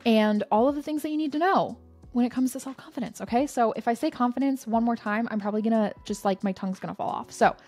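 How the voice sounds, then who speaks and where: A young woman hosting a faith podcast, chatting casually in a bubbly, animated storytelling way. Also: a little high, fast, soft background music. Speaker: podcast host.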